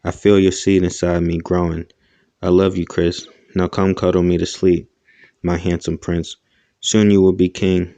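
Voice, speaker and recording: A domineering, scheming young woman who gives orders in a smug, level way, as a man with a low, dark voice reads her lines. The delivery stays flat and even, and the recording is close and dry. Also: normal speed, no room sound. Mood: commanding.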